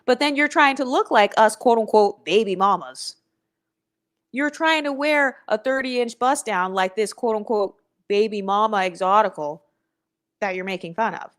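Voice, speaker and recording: A woman's voice: a little high, normal speed. A young woman hosting a casual livestream, talking bluntly and with attitude, swearing freely and reading viewer comments aloud. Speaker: livestream host.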